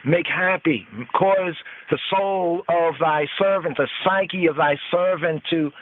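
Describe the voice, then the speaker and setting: A man leads a slow devotional scripture study, chanting each verse and then turning its words over one at a time. His voice sits fairly high and moves at an unhurried pace. It comes through as thin, tinny phone-line audio. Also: fairly even intonation, dry recording. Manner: chanting verses, then repeating and expounding word by word. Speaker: podcast host teaching scripture.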